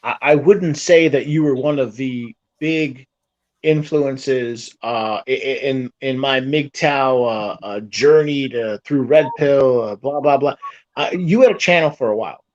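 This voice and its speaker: A man hosting a casual video-call interview, speaking haltingly and often restarting his sentences. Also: medium pitch. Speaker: host. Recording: dull lo-fi call audio.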